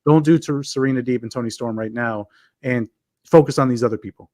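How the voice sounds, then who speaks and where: A man with a mid-range voice co-hosts a casual podcast. He talks in a halting, loose way and often backs up to restart his sentences. The sound is dry and close, with no room around it. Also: mid-range voice, darkish tone, no room sound. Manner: halting, with frequent restarts and fillers. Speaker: podcast co-host. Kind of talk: casual wrestling review chat.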